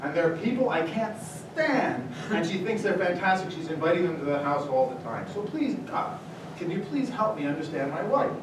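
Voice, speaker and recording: A man's voice: sits high, expressive, moderate pace. A man from the audience tells a joke as a plain, building story. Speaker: audience member telling a joke. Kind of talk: live joke telling. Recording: echoey hall, distant mic, background noise.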